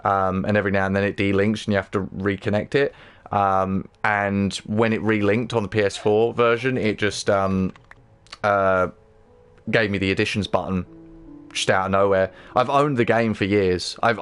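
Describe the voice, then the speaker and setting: Excitable British man streaming a game. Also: fairly low pitch. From Britain. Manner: excitable, swears often, stammers and restarts. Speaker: livestreamer. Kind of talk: casual gaming livestream chat.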